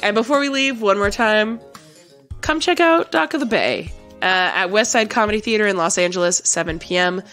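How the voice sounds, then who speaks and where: A woman's voice: medium pitch, moderate pace, a bit bright, faint music behind. A woman co-hosting a comedy podcast, chatting casually and joking, laughing often. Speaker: podcast co-host.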